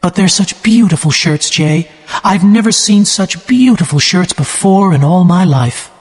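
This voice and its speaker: A man's voice: fairly high pitch, moderate pace, a little mellow, natural voice. A man doing a gushing young woman. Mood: tearful. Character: excitable young wealthy woman. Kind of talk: audiobook character voice. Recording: long hall reverb.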